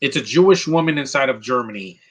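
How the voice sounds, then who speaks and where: A man's voice: medium pitch, animated, fast talker, breathy edge, poor audio. A man giving casual live commentary while watching a movie, rambling and opinionated, with many fillers and restarts.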